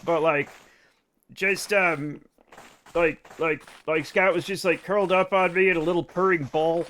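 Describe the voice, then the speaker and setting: A man live-streaming a game, chatting loosely and rambling to his viewers. His voice sits high and bright, with plenty of asides and restarts. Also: fairly even intonation, unhurried, a little hiss or hum. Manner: rambling, talks straight to chat.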